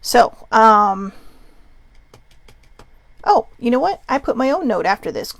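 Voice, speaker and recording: A woman's voice: fairly high pitch, expressive, normal speed, creaky, long pauses, no room sound. A woman hosting a casual chat show, reading gratitude cards and rambling into giggly side notes. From Filipino and Hawaiian heritage. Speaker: host.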